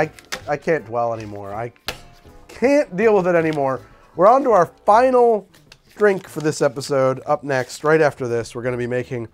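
A fairly high-voiced man whose pitch leaps around as he hosts a comedic cocktail show. He talks in a wry, self-mocking and profane way, mixing drinks and reacting to them. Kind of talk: comedic bartending tutorial.

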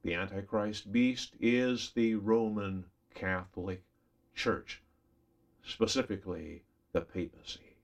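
A man's voice: fairly low pitch, steady tone, slow. A man preaching a Bible study sermon in an earnest, emphatic way, often addressing the listener directly as a friend.

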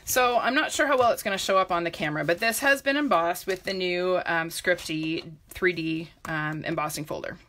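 Bright-voiced chatty woman demonstrating crafts. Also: lowish voice, moderate pace, few pauses. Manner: chatty, greets viewers by name mid-demo. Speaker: papercraft demonstrator. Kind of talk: live craft tutorial.

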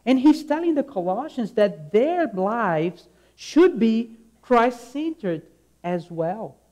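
This preacher's voice is very high-pitched and sing-song, yet warm and mellow as he delivers his sermon slowly and deliberately. He's earnest and emphatic, frequently repeating a key phrase, with line endings that soften and trail away.

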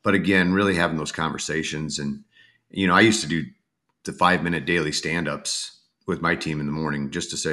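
A man's voice: a bass voice, fairly even intonation, a little fast, pushed and bright. A man co-hosting a podcast and talking casually about recruiting, who thinks aloud and often restarts his sentences. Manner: reflective, restarts thoughts mid-sentence. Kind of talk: casual conversational chat.

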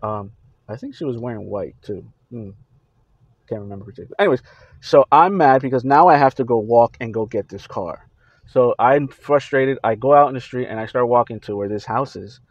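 A man on a Christian video channel recounting his dreams in a casual, halting way, with many fillers and restarts. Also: mid-range voice, no room sound, dull audio.

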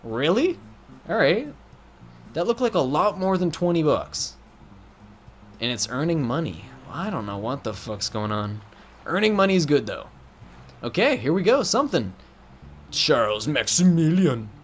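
A man's voice: a little high, sing-song, moderate pace, long pauses, soft background music. A young man doing profane, joking let's play commentary on a game. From Canada. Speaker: gaming commentator.

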